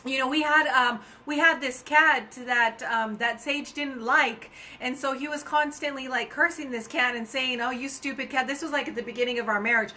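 A woman's voice: high voice, normal speed, hardly any pauses, pushed and bright, a little hiss or hum. A woman co-hosting a faith talk show, preaching in a casual, earnest way and repeating phrases for emphasis.

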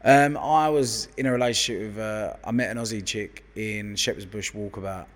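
This London hairdresser in his thirties is a guest in a casual chat, swearing freely as he tells lively stories in a London accent. His voice is fairly low and moderately paced, with a big-room sound.

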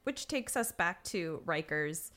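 A woman's voice: lowish voice, lively intonation, slow, crowd noise. A woman co-hosting a podcast, recapping an episode in casual chat with sarcastic quips. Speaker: podcast co-host.

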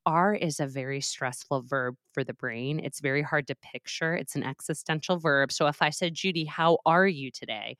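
Forties woman guest, low voice, lively explainer, dry sound. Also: normal speed, hardly any pauses, no room sound. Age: 40s. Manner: animated, explains with quoted examples. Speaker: guest, professor and author. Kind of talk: conversational interview.

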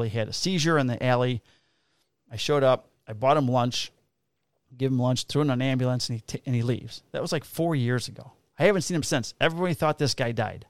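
A man's voice: medium pitch, no echo, studio quality. A man, a police officer casually telling profane stories and acting out the dialogue. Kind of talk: casual storytelling chat.

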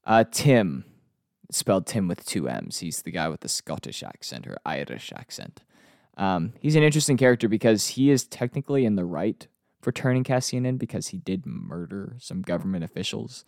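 A man hosting a casual TV episode review, chatty and relaxed with frequent fillers. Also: low-pitched, moderate pace, creaky, dry recording, clean studio sound. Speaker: TV review host.

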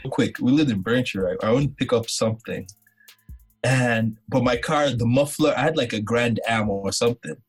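A man talking as a guest on a casual podcast, telling stories in an excitable way, laughing and restarting often. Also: mid-range voice, moderate pace, husky, faint music behind. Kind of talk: casual conversation.

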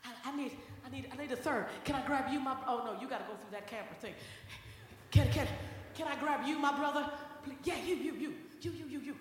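Woman pastor, sermon, high voice, stammering restarts, echoey church hall. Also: quick pace, a little hiss or hum. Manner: stammering restarts, direct address to the congregation.

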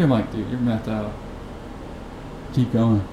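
A man's voice: mid-range voice, moderate pace, pauses often. Foul-mouthed man ranting a story. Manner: profane, rambling, incredulous. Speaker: podcast host. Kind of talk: unedited storytelling rant. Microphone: podcast mic. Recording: echoey room with background noise.

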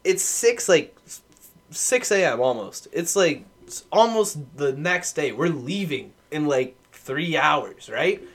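A man's voice: fairly high pitch, lively intonation, takes it slowly. A young man in casual podcast chat, telling a wild story with laughter and swearing. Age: young adult. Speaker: podcast co-host.

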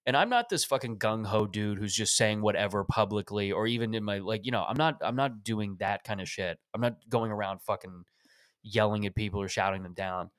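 A man's voice: fairly low pitch, brisk, no room sound, clean studio sound. A man, hosting a podcast in loose, profane, joking casual chat. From Canada. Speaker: podcast host.

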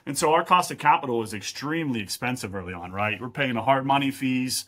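A man's voice: medium pitch, animated, fast, sharp tone. A man from Pittsburgh, a real estate investor, explaining at length as a guest in a podcast interview and often checking in with "right?". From Pittsburgh, USA.

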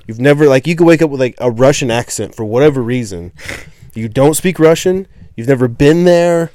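A man's voice: mid-range voice, a little fast, mellow. A man hosting a casual podcast chat, telling rambling stories full of fillers. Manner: rambling storyteller, many fillers. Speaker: podcast host.

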